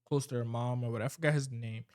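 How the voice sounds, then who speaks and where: A man's voice: medium pitch, fairly even intonation, racing, a little mellow. Rambling, cussing man recapping a movie. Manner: rambling, profane, loose storytelling.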